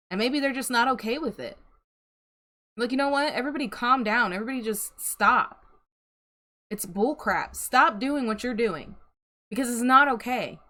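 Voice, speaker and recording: A woman's voice: medium pitch, a bit bright. Chatty young woman reading tarot. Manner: chatty and sympathetic, laughs and sighs often. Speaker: tarot reader. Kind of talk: casual tarot reading to camera.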